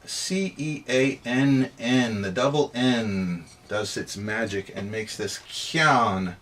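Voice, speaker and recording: A man teaching pronunciation, repeating sounds slowly and emphatically for students to drill. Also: mid-range voice, fairly bright tone. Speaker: Irish language tutor. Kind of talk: pronunciation lesson.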